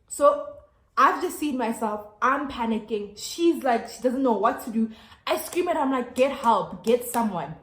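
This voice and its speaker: A young South African woman telling a storytime vlog to her camera at home, chatty and animated with lots of fillers and restarts. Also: on the high side. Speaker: YouTuber. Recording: echoey room.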